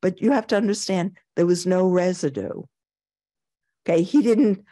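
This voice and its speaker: A woman's voice: mid-range voice, unhurried, mellow. An older woman with a New York accent giving a Zen dharma talk, telling anecdotes, chuckling and acting out the voices she quotes. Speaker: Zen teacher.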